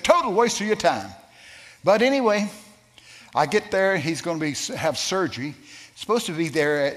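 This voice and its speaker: A man telling a story in a sermon, animated and shouting out the quoted lines. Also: mid-range voice. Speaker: preacher. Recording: long hall reverb.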